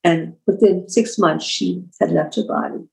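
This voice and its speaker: A woman's voice: lowish voice, steady tone, a little slow, creaky, a little mellow, rough recording. A woman guest on a podcast, a holistic healer and author, telling her story in a heartfelt, emphatic way and repeating phrases for weight. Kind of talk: personal storytelling in a podcast interview.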